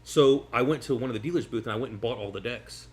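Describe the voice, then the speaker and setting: A man, a magician guest, telling stories in casual chat over food, rambling and animated with many restarts. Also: medium pitch, quick pace. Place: sitting at a table over food.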